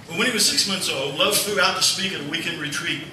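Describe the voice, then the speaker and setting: A male pastor preaching a sermon, telling a family story in a folksy, animated way. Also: on the high side, quick pace, a little hiss or hum. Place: church sanctuary. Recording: echoey church hall from far off.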